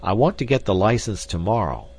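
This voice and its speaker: A man reading an audiobook, voicing an earnest, insistent male suitor who speaks deliberately. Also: lowish voice, expressive, a little mellow, voice pushed up. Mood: blunt.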